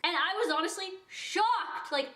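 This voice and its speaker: A woman's voice: very high voice, normal speed, pushed and bright. A young woman telling a casual storytime vlog, chatty and full of fillers, often breaking into giggly asides. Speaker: vlogger. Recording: echoey room.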